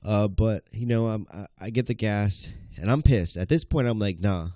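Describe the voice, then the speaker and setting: Young man ranting with a mellow low voice. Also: normal speed, no echo, clean studio sound. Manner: animated, profane, ranting storyteller. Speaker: podcast co-host. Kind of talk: casual storytelling chat.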